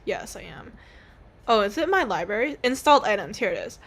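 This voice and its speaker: Very animated, a bit bright, and a little fast, this young gaming streamer's medium-pitched voice carries her casual let's-play commentary. She rambles, pokes fun at herself, and swears now and then.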